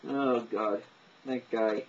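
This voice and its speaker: A man's voice: medium pitch, fairly even intonation, slow, lo-fi sound. A man talking casually about voices he can imitate, rambling, with many fillers and self-deprecating asides. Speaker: amateur voice impressionist. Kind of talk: casual monologue.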